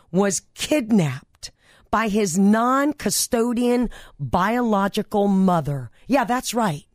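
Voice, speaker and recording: A woman hosts a radio talk show, telling a personal story with chatty enthusiasm. Her voice sits in a middle pitch. The studio mic sounds close and dry. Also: a little mellow, no room sound. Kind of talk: casual radio monologue.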